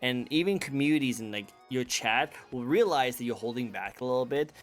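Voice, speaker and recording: A chatty man hosts a laid-back interview, his pitch swinging all over as he rambles. He laughs easily between thoughts. A faint music bed plays underneath. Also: expressive, fairly quick. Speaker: interview show host. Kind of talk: casual chat over a call.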